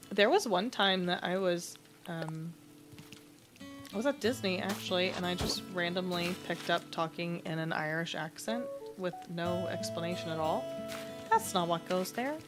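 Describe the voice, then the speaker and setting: A woman's voice: fairly low pitch, a little slow, pauses often, music in the background. A woman streaming a game, chatting casually with her viewers in a rambling, self-deprecating way. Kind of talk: casual livestream chat while playing.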